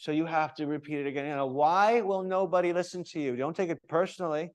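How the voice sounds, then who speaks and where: Talking fast in a fairly high voice, a man runs a yoga teacher training in an echoey room. He stays animated with his students, mimicking various tones of voice and asking the group questions.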